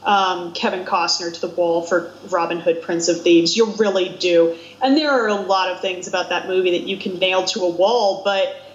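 A woman's voice: on the low side, moderate pace. A woman co-hosting a casual film chat, talking in a chatty, exclamatory way and laughing often. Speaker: podcast co-host. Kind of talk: casual chat about films. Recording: roomy, dull lo-fi sound.

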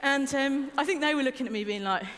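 Her voice is high-pitched, fast and fairly bright, with a little hiss or hum on the recording. A young adult woman preacher, she delivers an informal, personal sermon in a reverberant hall, often repeating words and questioning the listeners.

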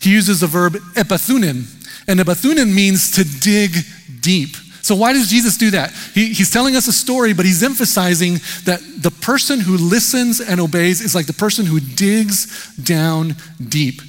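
A man's voice: high-pitched, lively intonation, moderate pace, in a large hall, faint music behind. A man preaching a sermon as pastor, talking in a conversational, emphatic way with rhetorical questions.

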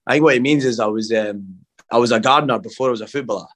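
A man's voice: mid-range voice, racing, fairly bright tone. A young Scottish man, a footballer, chatting casually in an interview, rambling and laid-back, calling everyone mate. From Scotland.

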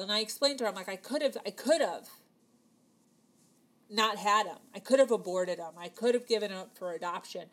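Her mid-range voice is brisk and fairly bright as she, a woman in her thirties, recounts something personal to her audience on camera. The storytelling is loose and conversational, with lots of fillers and acted-out lines of dialogue.

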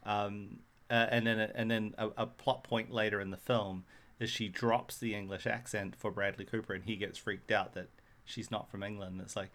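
A man with a somewhat low voice co-hosts a film podcast. He critiques in relaxed conversation and slips in wry, joking asides. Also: moderate pace. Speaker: podcast co-host. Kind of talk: casual film review chat.

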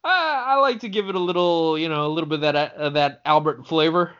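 A man's voice: fairly high pitch, a little fast, fairly bright tone, smooth. A man co-hosting a podcast, talking casually and hesitantly with many restarts. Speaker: podcast co-host. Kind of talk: casual chat. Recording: dull lo-fi sound.

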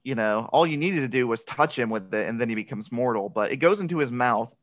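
A man's voice: medium pitch, animated, fairly quick. Chatty man recapping a movie, lo-fi. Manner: chatty, laughs often, filler-heavy. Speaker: podcast host. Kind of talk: casual movie recap chat.

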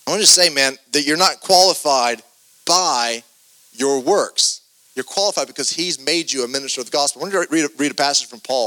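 A man preaching a podcast sermon, earnest and animated, reading scripture with emphatic stress and loose restarts. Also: on the high side, brisk, low-quality recording.

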